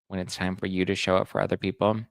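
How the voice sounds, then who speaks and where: A man's voice: low-pitched, level tone, fast talker, creaky, no echo. A man giving casual celebrity gossip commentary, retelling stories in a chatty way. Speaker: pop culture commentator.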